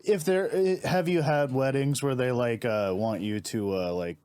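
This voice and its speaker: A man's voice: medium pitch, normal speed, a little mellow, clean tone, no echo. A man co-hosting a podcast, asking casual questions with hesitant fillers. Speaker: podcast co-host. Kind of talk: casual chat.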